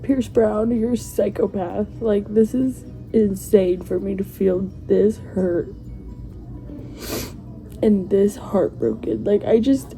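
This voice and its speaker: Slow, gravelly-voiced woman reviewing books. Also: mid-range voice, mellow, soft background music. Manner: emotional, rambling with many restarts. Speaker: book reviewer. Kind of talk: casual book vlog.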